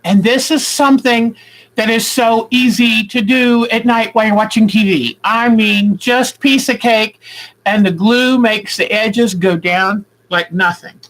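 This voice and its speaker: A woman's voice: a little high, steady tone, a little slow, poor audio. A woman at home showing her quilting work in a casual, rambling way, thinking aloud as she goes. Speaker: quilting vlogger. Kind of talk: casual craft demonstration.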